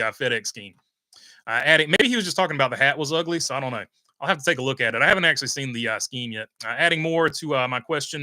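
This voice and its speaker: Young adult man, livestream host reading chat; bright, crisp tone, dry close-mic sound, loose and rambling. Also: medium pitch, no room sound. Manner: rambling, many "uh" fillers, reads viewer comments aloud.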